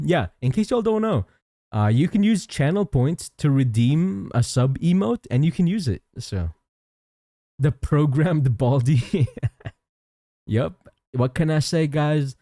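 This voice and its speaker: A man's voice: medium pitch, warm tone, no echo, studio quality. A young man chatting casually on a live stream as a VTuber, reading chat aloud and answering viewers with frequent restarts.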